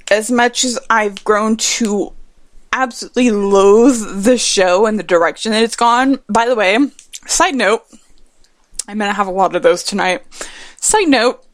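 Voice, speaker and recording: A woman's voice: a little high, no echo. Woman, young adult, tipsy, profane, sarcastic, rambling podcast talk, dry close sound. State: tipsy from drinking. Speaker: podcast host. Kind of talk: rambling casual podcast monologue.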